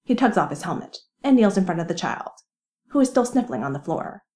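A woman reading a fan story aloud with lively, wry storytelling. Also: lowish voice, a little fast. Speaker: reader. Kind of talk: fan fiction narration.

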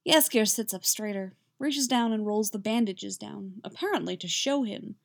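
A woman reading fan fiction aloud, in an expressive storytelling manner. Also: mid-range voice, normal speed, gravelly. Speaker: reader.

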